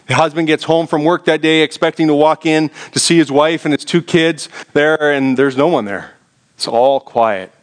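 Male preacher, fairly high voice, quiet storytelling, urgent exhortation, wide swings in pitch and volume. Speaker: pastor. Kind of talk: sermon with storytelling.

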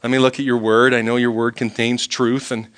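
A middle-aged male pastor preaching a sermon in an earnest way, swinging between fervent pleading and quiet reflection. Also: mid-range voice, little pitch movement, fairly quick.

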